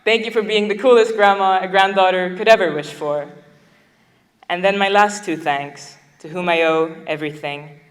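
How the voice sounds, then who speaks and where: A woman's voice: fairly low pitch, steady tone, normal speed. A young woman reads her graduation speech at a podium microphone, heartfelt and a little emotional. Her voice rings out with the long echo of a large ceremony hall. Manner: heartfelt, with light laughs between thanks. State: getting emotional. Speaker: graduating student giving a speech.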